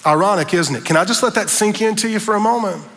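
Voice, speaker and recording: A man preaching a sermon on a church stage, fervent, rising to shouts on key words. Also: sits high, quick pace. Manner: fervent, shouting peaks, Southern preacher cadence. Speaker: pastor. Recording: long reverb of a large hall.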